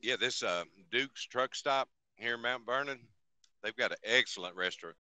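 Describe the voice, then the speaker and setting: A man's voice: medium pitch, moderate pace, bright, forceful tone, smooth, dry recording. A man, a truck driver calling in, laid-back and chewing as he talks. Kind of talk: casual chat.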